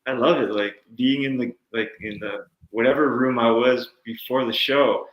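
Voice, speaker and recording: An earnest man chatting as a guest on a talk show, reflective and open. His voice sits at an ordinary pitch, and the room around him sounds noticeably echoey. He now and then acts out little inner voices as he talks. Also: fairly even intonation, normal speed, fairly bright tone. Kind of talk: casual chat.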